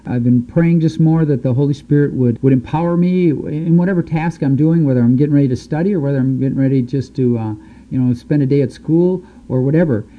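A man teaching through a Bible passage, reading the verses aloud and then explaining them in loose, halting speech with fillers. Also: medium pitch. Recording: dull, lo-fi recording.

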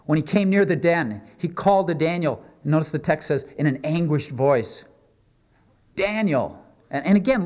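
A man's voice: on the high side, a little mellow. Man preaching with rhetorical questions. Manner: reads scripture aloud then explains it conversationally, with rhetorical questions. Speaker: pastor. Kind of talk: sermon.

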